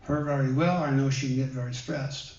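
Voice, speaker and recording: A man giving a sermon with personal stories, gentle and conversational, with many pauses and fillers. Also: mid-range voice, steady tone. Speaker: guest minister. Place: church hall. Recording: roomy, dull sound from a distant mic.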